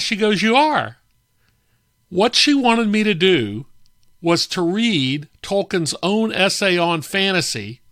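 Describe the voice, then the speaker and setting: Male podcast host, fairly high voice, casual storyteller, dry close recording. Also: dry recording. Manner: relaxed, chatty, with frequent fillers.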